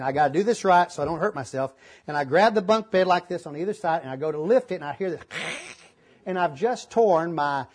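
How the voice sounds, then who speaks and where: Preacher guy, higher voice, kinda husky, chatty storytelling sermon. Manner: folksy storytelling with laughs and repeated phrases. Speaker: pastor.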